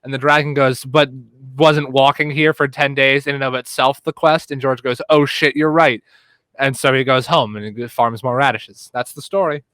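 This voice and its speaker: A man co-hosting a podcast, joking loudly and improvising a silly story in casual chat. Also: mid-range voice, moderate pace, smooth, no room sound, rough recording. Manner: loud, joking, swings between mumbles and excited shouts. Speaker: podcast co-host.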